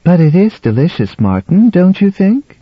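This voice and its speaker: A man's voice: high voice, very animated, normal speed, breathy edge, no room sound, pitched above the performer's own voice, full character voice. A man voicing an eager, gushing woman guest at a dinner, in a dull, dry audiobook recording.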